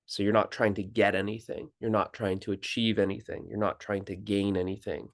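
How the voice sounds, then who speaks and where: A man as a spiritual teacher, calmly explaining in an unhurried contemplative talk, pausing and restarting phrases. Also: on the low side.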